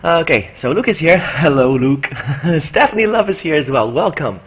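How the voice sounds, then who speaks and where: A man's voice: on the high side, lively intonation, moderate pace. A man, streaming a game and talking himself through it while greeting chat. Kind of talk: live gameplay commentary. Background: game music.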